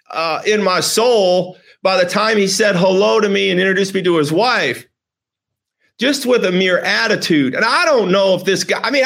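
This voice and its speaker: A middle-aged man with a high voice tells a personal story straight to his viewers. He rambles and circles back, repeating words for emphasis as the feeling builds. His delivery is casual but emotional. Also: creaky, fairly bright tone. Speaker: host.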